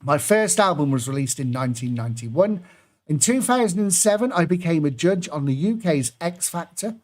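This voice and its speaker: A man hosts a pub quiz over a computer microphone, his voice sitting a little high for a man. He reads the clues in a chatty, self-mocking way and keeps laughing at his own fumbles. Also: lively intonation, moderate pace, a little mellow. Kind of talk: online quiz hosting, reading clues aloud.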